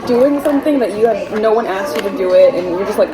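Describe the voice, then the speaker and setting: A young woman talking casually in a book vlog, chatty and rambling and quick to laugh. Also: a little high, lively intonation, loud music behind the voice, over a noisy crowd. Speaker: book vlogger. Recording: distant mic with background noise.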